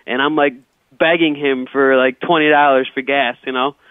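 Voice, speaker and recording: A man's voice: mid-range voice, fairly even intonation, normal speed, no echo. A comedian guest telling rambling stories, stammering and restarting his sentences. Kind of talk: casual comedic storytelling. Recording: tinny phone line.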